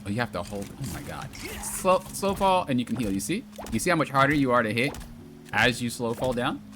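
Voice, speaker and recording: A man's voice: mid-range voice, sharp tone. A man casually coaching a player through a gameplay replay, explaining step by step and often saying "look" and "you see.". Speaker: game coach.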